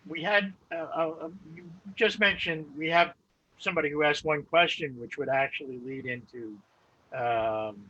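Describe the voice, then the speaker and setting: A man hosts a live online interview and passes viewer questions to his guest. His voice is bright and a touch high, with plenty of hesitant fillers. The sound is muffled and lo-fi. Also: normal speed. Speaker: host reading viewer questions.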